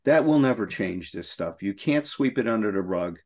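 A man's voice: fairly low pitch, expressive, normal speed. Middle-aged man, earnest, emotional, personal storytelling, recovery podcast.

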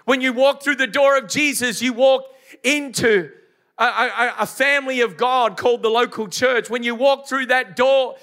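A man's voice: very high voice, normal speed, sharp tone. A middle-aged man preaching a sermon to a congregation, emphatic and repetitive, with rhetorical questions. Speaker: pastor. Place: church service before a congregation.

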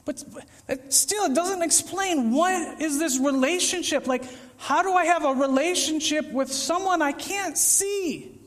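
A man preaching a casual, conversational sermon, acting out little scenes with sudden shouts and whispers. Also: very high-pitched, unhurried, few pauses. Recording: echoey hall with long reverb.

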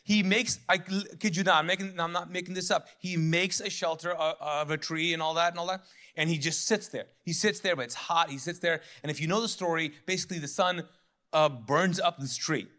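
A pastor giving a sermon in a lively, conversational way, joking, laughing at his own lines and acting out the voices of biblical figures. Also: on the high side, fairly quick.

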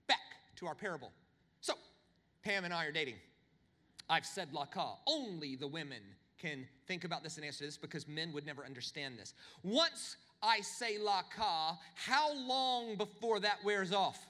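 A man preaching a sermon, telling humorous stories with animated, swinging delivery. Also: normal speed, long reverb tail. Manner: animated, humorous storytelling with big pitch swings. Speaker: pastor.

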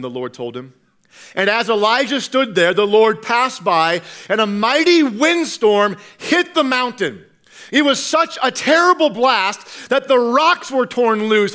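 A male pastor preaching a sermon earnestly, dropping to a hush at times and repeating words as he goes. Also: sits high, animated, unhurried. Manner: earnest, swings from loud to hushed, repeats words.

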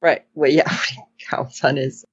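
A woman co-hosting a casual recap chat, animated and acting out characters' lines in put-on voices. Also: very deep voice, a little slow, husky, no room sound, muffled recording. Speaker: podcast co-host.

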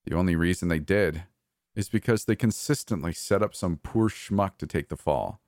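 A man voicing a manic, cruel adult brother who taunts and mocks, breaking into yells. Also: low voice, normal speed, no echo, clean studio sound. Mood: cold taunting. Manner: taunting, mocking, erratic shifts into yelling.

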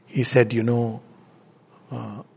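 A middle-aged man giving a devotional talk, telling anecdotes gently and chuckling between them. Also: medium pitch, level tone, takes it slowly, gravelly, slightly rough. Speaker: spiritual speaker.

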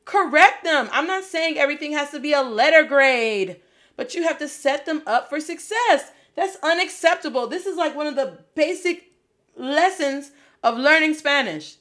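A young adult woman hosting a casual spoken language lesson, animated and playful, scolding with mock outrage. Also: high-pitched, normal speed. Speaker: Spanish teacher and podcast host.

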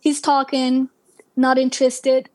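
High-voiced woman telling her testimony. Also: completely flat delivery, slow, a little mellow, no echo, poor audio. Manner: conversational, many "you know" fillers, non-native grammar. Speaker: testimony speaker. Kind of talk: personal testimony storytelling.

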